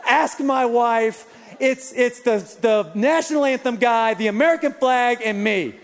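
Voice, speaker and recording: High-voiced man preaching in a reverberant hall. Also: a little slow. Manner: animated storytelling, acts out voices, laughs with the crowd. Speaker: pastor. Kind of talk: Easter sermon storytelling. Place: large church auditorium. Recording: long reverb of a large hall.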